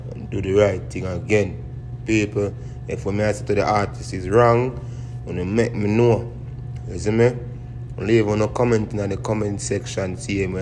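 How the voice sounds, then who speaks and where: A Jamaican man with a lowish voice delivers a preachy vlog commentary. He keeps checking in with the listener after every phrase. There is a faint hum of noise behind him. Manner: lectures, tags nearly every phrase with "you see me?". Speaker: commentary vlogger. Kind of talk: casual commentary monologue.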